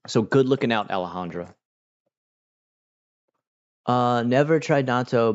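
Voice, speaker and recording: A man's voice: mid-range voice, gravelly. A man hosting a livestream, chatting with viewers in a laid-back, slangy way full of fillers. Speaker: livestream host answering chat. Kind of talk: casual livestream chat. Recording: dull lo-fi sound.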